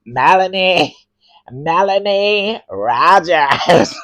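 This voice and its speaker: A man doing an impression of a pompous male reality-show host who stretches out every phrase in a slow, grand drawl. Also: high voice, lively intonation, a bit bright, no echo, pitched above the performer's own voice, full character voice. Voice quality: slow drawn-out emphatic delivery.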